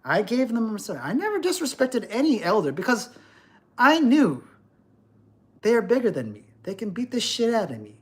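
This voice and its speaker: A middle-aged man rants on a livestream, lecturing and cursing as he goes. His voice swings widely up and down, with a lively, animated delivery. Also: high voice, normal speed, husky. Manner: ranting, profane, lecturing. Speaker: livestream host. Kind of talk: livestream rant.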